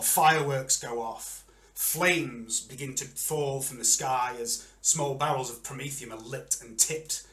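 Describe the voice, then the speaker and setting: A man narrating a tabletop game as game master in a descriptive, unhurried manner. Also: mid-range voice, fairly bright tone, reverberant.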